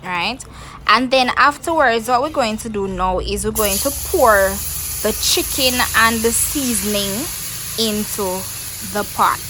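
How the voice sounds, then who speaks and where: A woman's voice: on the high side, measured pace, pushed and bright, a little hiss or hum, low-quality recording. Jamaican woman chatting through a cooking demo. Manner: chatty step-by-step explaining to viewers. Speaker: cooking channel host. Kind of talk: casual cooking demonstration.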